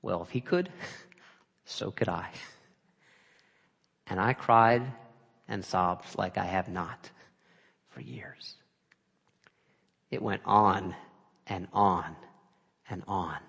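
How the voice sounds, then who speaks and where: A man's voice: sits low, very slow, creaky, long pauses, fairly bright tone, slightly rough, lo-fi sound. Dramatic male preacher in a reverberant hall. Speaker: pastor. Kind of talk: sermon.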